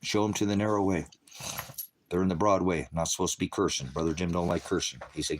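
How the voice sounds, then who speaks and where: A middle-aged man preaching on his own ministry stream, angry and cursing, swinging from shouted rants to quiet murmurs. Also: low-pitched, steady tone, fairly quick, slight background noise. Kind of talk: impassioned livestream preaching.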